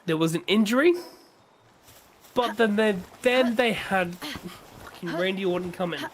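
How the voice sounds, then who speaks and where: A man's voice: high-pitched, measured pace, slight background noise. A man chatting on a gaming stream, ranting with strong opinions and frequent swearing. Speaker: streamer co-host. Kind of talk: casual chat during a gaming stream.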